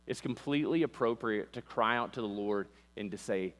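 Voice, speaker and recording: Heard through a pulpit microphone in a reverberant sanctuary with mains hum, this pastor's lowish voice moves at a normal speed. His sermon swells and ebbs with passion, and he performs the voices of those he quotes.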